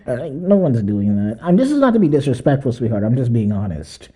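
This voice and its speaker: Man, young adult, podcast host, very dark tone, lively pitch, profane rambling. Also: fairly quick, slightly rough. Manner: rambling, profane, mocking, laughs often. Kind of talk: casual solo commentary.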